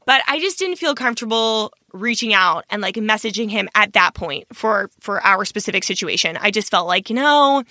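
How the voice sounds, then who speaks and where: A young adult woman guest, telling a personal story in an animated way and acting out the quotes. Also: medium pitch, normal speed, few pauses, no echo, clean studio sound. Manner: animated, acts out quoted thoughts and speech. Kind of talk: storytelling in a podcast interview.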